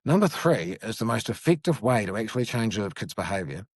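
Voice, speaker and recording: A middle-aged man explaining child brain development in a lively, conversational way, acting out what parents say. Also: fairly low pitch, a little fast, breathy edge, no room sound. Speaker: neuroscience educator, guest.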